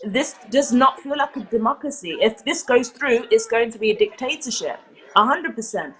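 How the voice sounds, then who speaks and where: A woman's voice: fairly high pitch, animated, normal speed, fairly bright tone, husky, rough recording. A woman from South Africa, a live-stream co-host, giving emotional, passionate commentary. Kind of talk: impassioned commentary.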